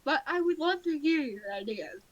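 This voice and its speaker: A woman's voice: high voice, expressive, moderate pace, highs cut off. A woman streamer chatting casually with a friend and her chat, playful and often mock-whining. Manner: playful, whiny mock-crying. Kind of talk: casual stream chat while gaming and drawing.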